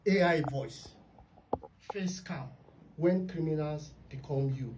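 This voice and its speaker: A woman's voice: deep voice, slow. A woman hosting a radio talk show, telling stories emphatically. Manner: storytelling, emphatic. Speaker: radio host. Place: radio studio. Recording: distant mic with faint noise.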